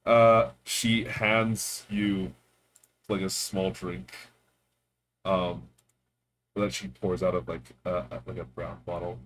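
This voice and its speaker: A man's voice: lowish voice, slow, a bit bright. Man, game master, playful narration, lots of ums, faint background hiss. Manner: playful, loose, lots of fillers.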